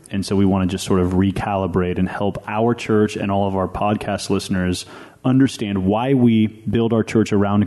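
A man with a fairly low, mellow voice talks through church ideas on a podcast. He is earnest and explanatory and often restarts his sentences as he thinks aloud. The tone stays casual and conversational. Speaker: pastor and podcast co-host.

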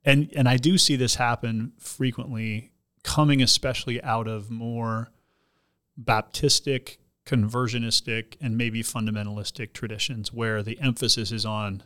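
A man's voice: medium pitch, level tone, moderate pace, a bit bright. A man, a pastor and podcast host, reading a listener letter and then explaining at length, with frequent restarts.

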